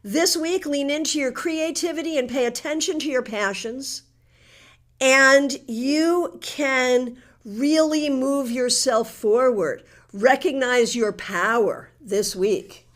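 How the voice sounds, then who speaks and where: A woman's voice: sits high, slow. A woman with a New England accent, a tarot reader chatting with her live audience and giving card readings in a friendly, teasing way. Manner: chatty, warm teasing with frequent laughter.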